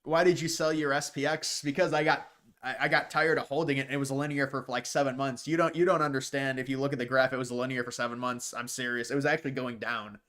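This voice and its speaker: A man's voice: medium pitch, fairly even intonation, fast, fairly bright tone. A man hosting a live stream, answering viewer questions in casual chat, rambling and repeating words as he starts sentences, with scornful mocking asides. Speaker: livestream host reading viewer questions.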